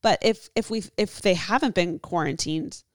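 A woman's voice: lowish voice, moderate pace, no echo, clean studio sound. A young woman co-hosting a podcast, reading a listener's letter aloud with casual asides. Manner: reads aloud with asides and laughs. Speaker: podcast co-host.

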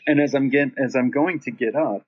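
Male guest, husky, loose rambling storyteller with a casual swearing manner, muffled lo-fi recording. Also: medium pitch, brisk. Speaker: band singer, guest.

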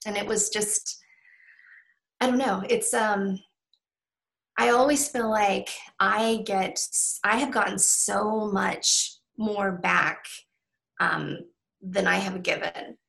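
A middle-aged woman author in a candid interview, talking haltingly with many restarts and ums. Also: mid-range voice, steady tone, creaky, a bit bright, low-quality recording. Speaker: author guest.

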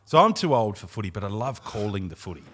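An Australian man in his thirties telling a long funny story in casual podcast chat, jumping into loud quoted voices. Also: fairly low pitch, sing-song, fast, breathy edge.

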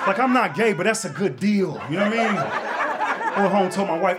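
Fast-talking man doing stand-up. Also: high-pitched, very noisy. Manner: loose, conversational storytelling with big animated swings. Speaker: stand-up comedian. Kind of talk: stand-up comedy set. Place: comedy club stage with live audience. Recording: live set with loud crowd laughter.

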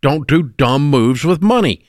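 A man's voice: on the high side, expressive, unhurried, dry recording, clean studio sound. A middle-aged man hosting a call-in radio show, blunt and emphatic as he lectures listeners about money mistakes. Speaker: radio talk show host.

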